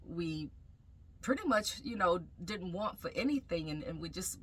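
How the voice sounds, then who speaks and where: Bright-voiced woman telling her story. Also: fairly low pitch, lively intonation, a little hiss or hum. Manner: reflective, halting, with frequent pauses and fillers. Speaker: vlogger sharing a personal testimony. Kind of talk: emotional personal storytelling.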